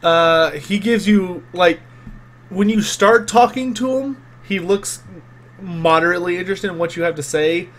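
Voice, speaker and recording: A man's voice: high-pitched, measured pace. A man narrating as game master in a tabletop role-playing game, casual with many fillers.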